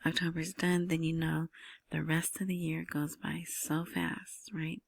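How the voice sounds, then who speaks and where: A woman's voice: low voice, level tone, a little slow, gravelly, no echo. A woman talking through currency news in a casual, rambling whisper, often checking in with "right?". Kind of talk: casual solo commentary.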